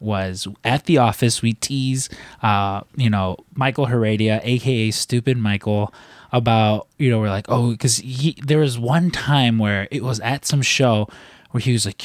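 A man's voice: medium pitch, a little slow, dry recording, studio quality. A young man hosting a podcast, telling a rambling story with lots of fillers, restarts and casual swearing. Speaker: podcast host.

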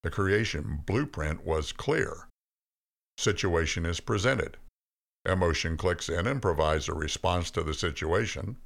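Storybook figure: a mighty male God, stern yet patient, deep and gravelly, as a man puts him on. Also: unhurried, heavily acted. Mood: calm, patient. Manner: stern, then soft and calm.

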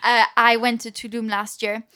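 A woman's voice: a little high, level tone, moderate pace, bright, forceful tone, smooth. A woman with an odd French-American accent, chatting as a guest and giggling easily. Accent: slightly odd French-American mix. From France. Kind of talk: casual chat.

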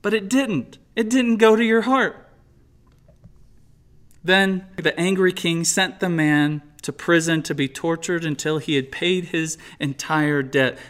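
A man's voice: a little high, fairly bright tone. A man preaching an expository sermon, earnest and emphatic, asking rhetorical questions as he works through a text verse by verse. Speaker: pastor.

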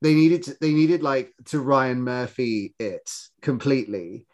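A man co-hosting a podcast in casual chat, animated and rambling, with many restarts and fillers. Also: medium pitch, unhurried, muffled recording. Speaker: podcast co-host.

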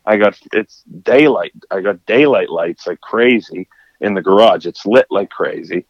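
A fishing charter operator with a deep, unhurried voice and some vocal fry tells a story during a casual podcast chat. He's an animated storyteller who acts out the quotes. The audio is dull with no room sound.

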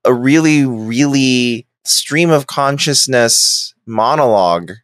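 A man's voice: mid-range voice, slow pace, fairly bright tone, dry recording, clean studio sound. A man in casual chat, enthusiastically reviewing a TV episode and laughing often. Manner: enthusiastic, laughs often, makes game comparisons. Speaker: podcast co-host.

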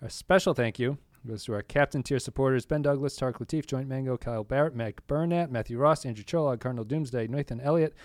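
A man co-hosting a podcast in relaxed, casual chat, his voice sitting at an ordinary middle pitch. He is recorded up close on a dry mic with no room sound. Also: fast talker, hardly any pauses, no room sound. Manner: relaxed, reads a long list of supporter names. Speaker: podcast co-host.

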